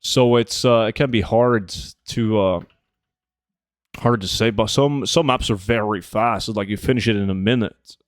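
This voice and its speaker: A man's voice: fairly low pitch, normal speed, no echo, clean studio sound. Chatty man streaming a game. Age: 20s. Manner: chatty, reads chat questions aloud and answers them. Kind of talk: casual live-stream chat while gaming.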